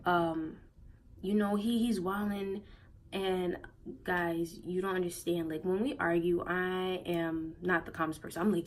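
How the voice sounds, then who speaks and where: A woman's voice: on the low side, fairly even intonation, a little slow, slight background noise, rough recording. Emotional young woman telling a breakup story. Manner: emotional, conversational, repeats herself, slangy. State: near tears. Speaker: vlogger. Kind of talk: storytime vlog, casual.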